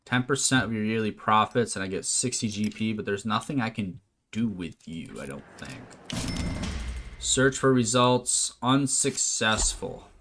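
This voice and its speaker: A man's voice: on the low side, normal speed, a bit bright. A man casually commenting on a management game, reading its text aloud with wry asides. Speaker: gameplay commentator. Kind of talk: let's play commentary. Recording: faint noise and clicks.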